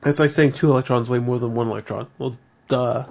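Gravelly man in relaxed podcast chat. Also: medium pitch, rapid-fire. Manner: relaxed, rambling, laughs often. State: a bit tipsy from beer. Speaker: podcast co-host. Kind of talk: casual chat.

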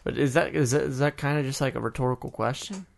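A man's voice: medium pitch, fairly even intonation, quick pace, gravelly. A man in casual podcast chat, asking hesitant questions and laughing often.

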